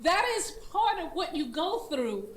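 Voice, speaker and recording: High-voiced older woman at a board meeting. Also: big pitch swings, unhurried. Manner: earnest, conversational, laughs now and then. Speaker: public commenter at a school board meeting. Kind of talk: unscripted public comment. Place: school board meeting room. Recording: echoey meeting room.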